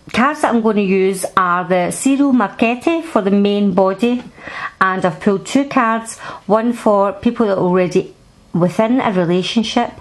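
A Scottish woman talks straight to a camera, reading tarot cards in a casual, reassuring way. She often stumbles over and repeats her words as she goes. Her voice sits at an ordinary middle pitch, picked up by a camera mic indoors. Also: poor audio. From Scotland. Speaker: tarot card reader.

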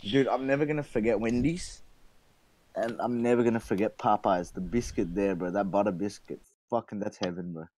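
A young Australian man with a lowish, slightly mellow voice talks fairly quickly over voice chat during a gaming livestream. He swears constantly and keeps the conversation loose and boastful.

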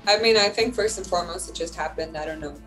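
A woman's voice: fairly low pitch, quick pace, fairly bright tone, faint music behind. A woman in her thirties, a singer and producer, talking reflectively in a casual interview and laughing often. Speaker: singer and music producer, guest.

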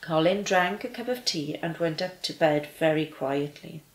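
Woman reading kids story, gentle expressive, roomy echo. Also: sits low, normal speed. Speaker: children's church storyteller. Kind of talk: reading a children's story aloud.

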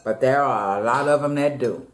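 Her voice is a deep, rumbling low, and she talks at a normal speed. This mukbang vlogger sits in an echoey room at home, addressing viewers directly as "y'all" and taking bites between words as she chats casually over her food.

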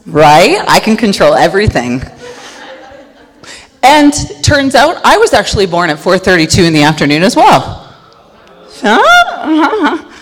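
A middle-aged woman giving a conference talk, loud and animated as she tells stories. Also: fairly low pitch, moderate pace, long pauses. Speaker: conference speaker. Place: large conference hall. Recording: long hall reverb.

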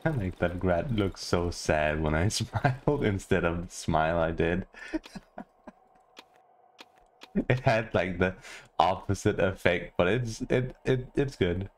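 A man from Denmark giving goofy, casual commentary on a game he is playing, talking to the characters and jumping into high squeals. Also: expressive, slow, pauses often, slight background noise. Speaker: gaming streamer.

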